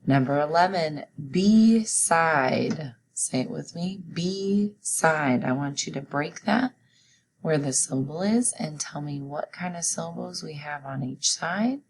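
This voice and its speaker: A low-pitched woman reads out a spelling test at an unhurried, measured pace, like a teacher talking to young students. Each test word gets slow, careful stress. Soft hiss sits under her voice. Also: animated, creaky, rough recording. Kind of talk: recorded classroom spelling dictation.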